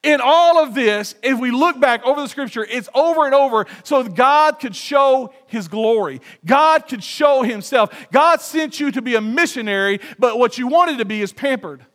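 A man's voice: very high-pitched, animated, moderate pace, hardly any pauses, a bit bright. A male pastor preaching a sermon in a conversational, humorous way, often laughing at his own jokes.

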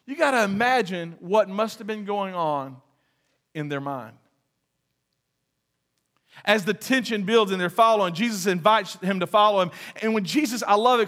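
A man with a Texan accent preaching a sermon, telling stories animatedly and acting out quoted lines with humor. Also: very high-pitched. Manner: animated storytelling, acts out quotes, jokes with the congregation. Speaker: pastor. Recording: reverberant hall.

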